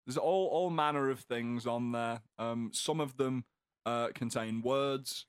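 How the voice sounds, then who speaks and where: A man's voice: mid-range voice, measured pace, clean tone, no room sound. A man hosting a podcast in casual chat, joking in a dry, mock-formal way. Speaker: podcast host.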